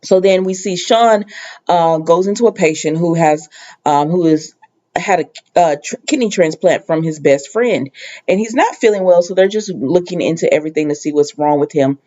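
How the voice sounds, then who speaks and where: A woman casually recapping a TV episode, her voice warm and mellow. She rambles through it with frequent ums, false starts and the occasional exasperated aside. The sound is a bit dull and lo-fi. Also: on the low side, normal speed. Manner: rambling, full of ums and restarts; conversational, sometimes exasperated asides. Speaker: TV recap host.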